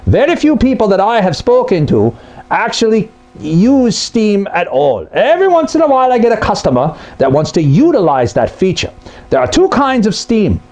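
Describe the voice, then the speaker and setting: A man's voice: high voice, huge pitch swings, normal speed, darkish tone. A man who repairs appliances, explaining a topic to camera in a blunt, conversational way. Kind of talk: explainer video.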